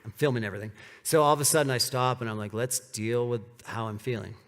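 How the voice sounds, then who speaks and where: A man's voice: medium pitch, fast talker. A man giving a live storytelling talk to an audience. He speaks casually, with lots of "like" fillers, and acts out the quoted dialogue. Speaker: presenter at a speaker series. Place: event venue with audience. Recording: long reverb of a large hall.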